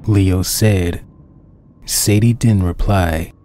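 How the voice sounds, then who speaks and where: A man reading his own dark pony fan story aloud as the narrator, in a steady, plain storytelling manner. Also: low voice, very slow, faint music behind.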